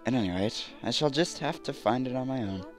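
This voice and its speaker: A man's voice: mid-range voice, expressive, fairly quick, faint music behind, close to an everyday voice. Man voicing a flamboyant prophet swordsman, theatrical, French flourishes. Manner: theatrical, sprinkles French phrases. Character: flamboyant young male swordsman prophet, smug.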